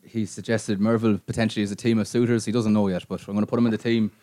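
A man's voice: on the low side, level tone, rapid-fire, warm tone, no room sound. An Irish man co-hosting a casual podcast, hesitant and laughing often. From Ireland. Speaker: podcast co-host. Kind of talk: casual banter among friends.

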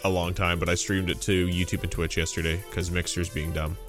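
A podcast host with a low voice and level tone talks fairly quickly on a casual gaming show, rambling, swearing freely, and laughing a lot. Faint game audio and music play in the background.

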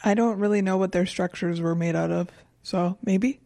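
A young woman co-hosting a casual podcast chat, calmly presenting researched facts with dry humor. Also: medium pitch, normal speed, vocal fry, dry recording. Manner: calm, matter-of-fact, dry humor.

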